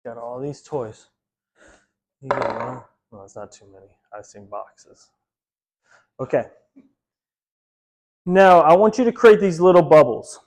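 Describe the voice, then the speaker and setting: Guy trainer talking thru a puppy lesson, kinda high voice, lots of "like", laughs a bunch. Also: a little slow, pauses often, darkish tone, slight background noise. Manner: casual, chatty, laughs often, many "like" fillers. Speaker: dog trainer.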